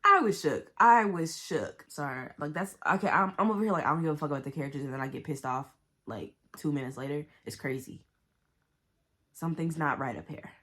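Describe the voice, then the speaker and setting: Woman, low voice, book vlogger, blunt and profane, animated reactions, slangy casual chat. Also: fast. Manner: talks to herself and the viewers with slang.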